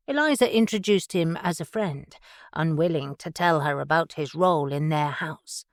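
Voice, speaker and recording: A woman narrating an audiobook in a measured, even storytelling manner. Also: low voice, no echo, studio quality. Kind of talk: scripted narration.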